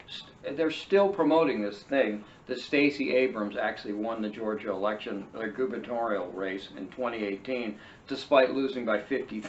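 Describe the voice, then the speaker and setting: Sarcastic man reading news in a roomy space. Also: medium pitch. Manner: sarcastic, mocking asides while reading aloud. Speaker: podcast host. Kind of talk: read-and-react political commentary. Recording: roomy, distant, dull lo-fi sound with faint hiss.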